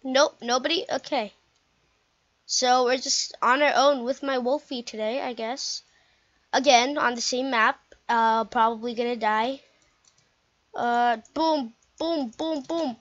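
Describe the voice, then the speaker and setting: Young female streamer, high-pitched and unhurried, chatty and exclaiming, recorded on a muffled home mic. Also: steady tone, fairly bright tone. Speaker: gameplay commentator. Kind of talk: casual game commentary.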